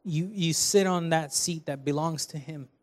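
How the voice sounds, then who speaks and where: A man's voice: a little high, moderate pace. Earnest young man preaching. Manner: earnest, conversational preaching with audience asides. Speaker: preaching student. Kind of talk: sermon. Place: church hall.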